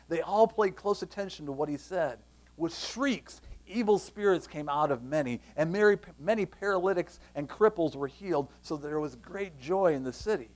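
Pastor type, man, bright high voice, animated sermon delivery with playful asides. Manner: animated, conversational, acts out scenes; reads scripture aloud.

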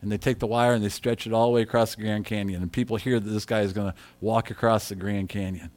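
A man preaching a sermon as a story, chatty and repetitive, breaking into loud acted shouts. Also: on the low side, quick pace. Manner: animated storyteller who shouts quoted lines; conversational, repeats himself.

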